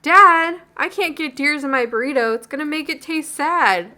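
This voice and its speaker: A woman's voice: on the high side, expressive, normal speed, pushed and bright. A woman playing a teasing teenage daughter.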